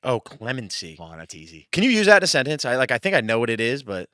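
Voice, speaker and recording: A man co-hosting a casual podcast, excitable and teasing, quick to laugh. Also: medium pitch, no room sound, studio quality. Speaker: podcast co-host.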